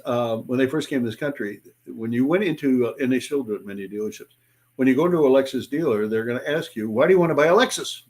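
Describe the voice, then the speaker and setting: An older man, a sales speaker and author, telling stories in an interview and acting out sales dialogues in changing voices. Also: mid-range voice. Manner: animated, acts out sales dialogues in different voices. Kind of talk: interview guest storytelling.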